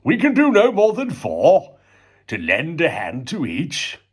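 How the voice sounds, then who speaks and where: A man voicing a smooth-talking, sentimental old walrus, coaxing and theatrical, pitched above his own voice. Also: wildly swooping pitch, unhurried, heavily acted. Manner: coaxing and theatrical, lifting to a higher voice.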